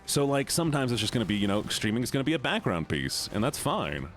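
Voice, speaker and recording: A man streams a game live and chats casually with his viewers, greeting each one by name. His pitch swoops up and down as he talks, and he reacts out loud to what happens on screen. Soft music plays faintly behind him. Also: very animated, fast talker. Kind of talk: casual live-stream chat while gaming.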